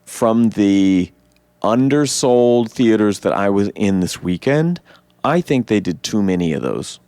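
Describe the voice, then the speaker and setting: Animated male podcast host retelling a film. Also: measured pace, clear, resonant tone, dry recording. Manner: animated storyteller, acts out characters in high voices. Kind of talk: casual film recap chat.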